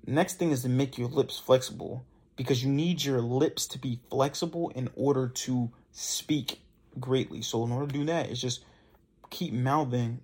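A man's voice: medium pitch, steady tone, moderate pace, a little mellow, husky. A young man hosting a podcast, giving casual voice tips in a loose, conversational way and demonstrating the exercises himself. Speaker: podcast host. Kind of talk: casual instructional talk.

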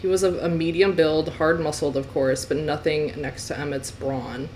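A woman's voice: deep voice, fairly even intonation, normal speed, a little mellow, a little hiss or hum, rough recording. A young woman co-hosting a podcast, reading a novel aloud and breaking off to joke and laugh. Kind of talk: casual read-aloud podcast.

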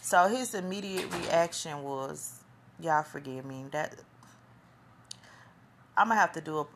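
Woman podcast host, low gravelly voice, rambling casual monologue. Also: fairly bright tone. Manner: chatty, rambling, loses her train of thought.

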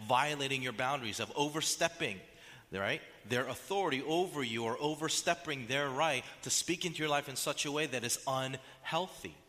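Animated male pastor in a reverberant hall. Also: mid-range voice, normal speed. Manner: animated preaching, acts out quoted voices. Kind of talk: sermon.

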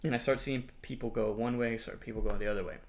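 A young man from Mexico, a guest in an interview, telling a personal story in a halting way with many fillers and restarts. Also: mid-range voice, steady tone, a little mellow. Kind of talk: casual personal testimony.

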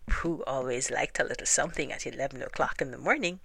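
A woman narrating a children's storybook aloud, gentle and expressive. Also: very deep voice, quick pace, creaky, hardly any pauses, husky, no room sound. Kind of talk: storybook reading.

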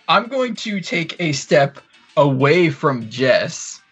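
A man's voice: a little high, sing-song, drawn-out words, husky, soft background music. A man playing a tabletop game, talking hesitantly with many fillers and laughs. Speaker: player. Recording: dull lo-fi recording.

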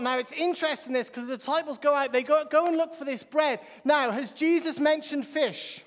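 High-voiced man preaching. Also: fairly quick, few pauses, fairly bright tone. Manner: emphatic, repeats key phrases, stumbles on restarts. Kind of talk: sermon. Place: large church hall. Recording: long reverb of a large church hall.

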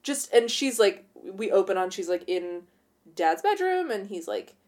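A woman's voice: medium pitch, big pitch swings, unhurried, a little mellow. A woman co-hosting a casual chat, recapping a film and acting out its characters in exaggerated voices, swearing freely. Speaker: podcast co-host.

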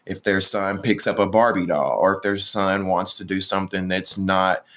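A man's voice: low-pitched, fairly even intonation, moderate pace, a bit bright. A young man from Alabama hosting a podcast in casual chat, opinionated, swearing and trailing off mid-sentence. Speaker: podcast host.

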